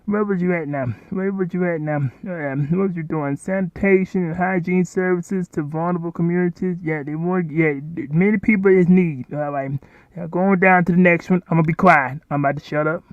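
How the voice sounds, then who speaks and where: A man's voice: high voice, steady tone, fairly quick, dry recording. A man hosting, rambling and commenting casually over a video he is playing, often repeating himself. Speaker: host. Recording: dull, lo-fi home recording.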